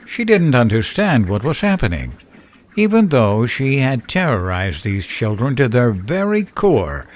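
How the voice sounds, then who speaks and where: A man narrating a horror story in a slow, measured storytelling style. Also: medium pitch, sing-song.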